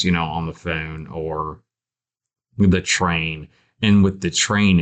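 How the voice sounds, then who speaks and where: A man hosting a podcast, telling a story in casual conversation with a lively voice and frequent swearing. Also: sits low. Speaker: podcast host.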